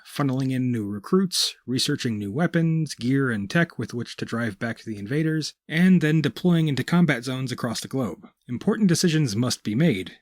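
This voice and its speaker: Male gaming host, mid pitch, casual scripted monologue, wry and profane. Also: no echo. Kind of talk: scripted video-essay monologue.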